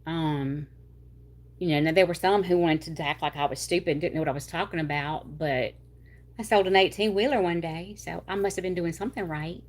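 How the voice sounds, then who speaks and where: A rambling, chatty woman with a Southern drawl from North Louisiana, hosting a casual livestream. Her voice sits a little low for a woman, and she stretches out words and tosses in y'all as she reads comments. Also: fairly quick, darkish tone. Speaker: livestream host. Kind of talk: casual chat reading viewer comments.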